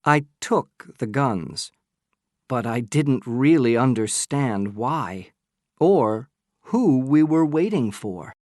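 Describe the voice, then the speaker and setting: Slow, lively-voiced male audiobook narrator. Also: medium pitch, no room sound, studio quality. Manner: measured, storytelling first-person telling.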